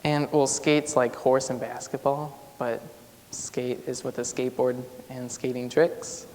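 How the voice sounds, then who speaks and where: A man's voice: medium pitch, little pitch movement, a little slow, a little mellow. A young male student on stage tells a personal story in a casual style, with a lot of "like" fillers. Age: young adult. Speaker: student speaker. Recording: long hall reverb, faint noise.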